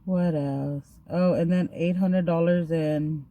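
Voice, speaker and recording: While getting ready, a young female vlogger casually tells a chatty, slangy story, animatedly acting out the people she quotes. Her voice sits low and her pace is slow.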